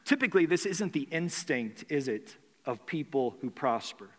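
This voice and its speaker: A man's voice: a little high, lively intonation, moderate pace, long reverb tail. A man preaching a sermon as a pastor, talking in a conversational way with rhetorical questions and frequent restarts.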